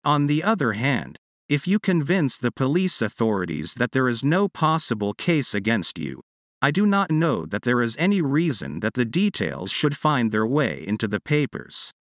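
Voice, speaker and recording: A man voicing a composed, precise gentleman detective in a story reading, speaking in a measured way. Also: medium pitch, big pitch swings, no room sound, studio quality. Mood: reassuring.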